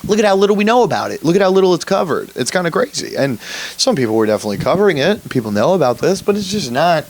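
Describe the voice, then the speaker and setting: A man's voice: a little high, very animated, fast. A young man hosting a solo podcast, rambling profanely in a casual rant, often laughing at himself. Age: young adult. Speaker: podcast host.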